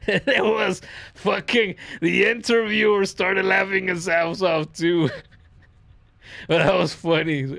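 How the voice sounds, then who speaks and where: A man's voice: high voice, fairly even intonation, normal speed, gravelly, a bit bright, no echo. A man in his thirties streaming a game, chatting in a rambling, profane way and telling funny stories. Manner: rambling, profane, laughing storyteller. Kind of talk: casual chat while streaming.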